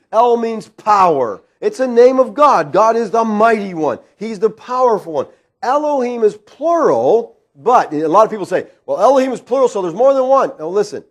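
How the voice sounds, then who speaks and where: A man's voice: sits high, darkish tone. A man preaching an expository sermon in a church, conversational and full of rhetorical questions, often checking in with "all right?". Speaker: pastor. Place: church sanctuary.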